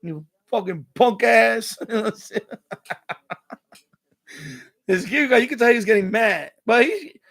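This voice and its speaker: A man's voice: very high-pitched, lively intonation, fairly quick, pauses often, fairly bright tone. A man hosting a live stream, ranting in casual commentary with rambling, repetitive, streetwise talk, acting out quoted exchanges.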